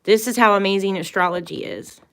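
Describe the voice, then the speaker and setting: A woman's voice: mid-range voice, steady tone, fairly quick, a bit bright, smooth. A woman hosting a tarot and astrology livestream, talking casually in an earnest, emphatic way, rambling and restarting her sentences often.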